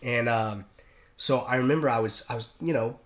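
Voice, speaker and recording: A man's voice: medium pitch, moderate pace. Male sailor guest, chatty storyteller, loose and rambling delivery. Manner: rambling, many restarts and fillers. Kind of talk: casual storytelling.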